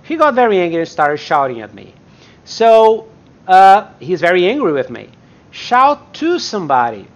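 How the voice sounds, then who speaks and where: A woman English teacher giving a live online lesson, explaining slowly, repeating example sentences and acting them out, her native tongue Portuguese. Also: lowish voice, very animated, dull audio.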